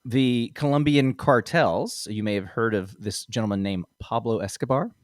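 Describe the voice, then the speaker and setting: A man's voice: mid-range voice, moderate pace, no echo, clean studio sound. A man hosting a comedy podcast, talking in a rambling way with many fillers and frequent laughs. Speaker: podcast host. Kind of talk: casual comedy podcast chat.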